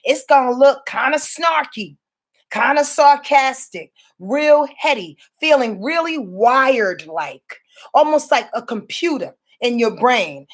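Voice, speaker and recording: An astrologer with a high-pitched voice gives her weekly rundown as a casual, unscripted spoken forecast. She rambles, swears freely and veers into playful asides, her pitch jumping suddenly as she grows animated.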